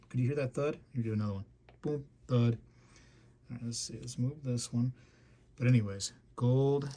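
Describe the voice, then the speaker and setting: A man hosting a casual show-and-tell video, chatty and enthusiastic, rambling with lots of fillers. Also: mid-range voice. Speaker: coin collecting video host.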